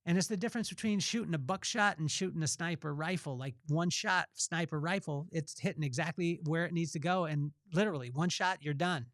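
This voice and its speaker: A man's voice: fairly high pitch, fairly quick, hardly any pauses, fairly bright tone, no echo. Man talking faith and motivation, dry sound. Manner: conversational, repeats phrases for emphasis. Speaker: podcast host. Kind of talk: faith-based motivational talk.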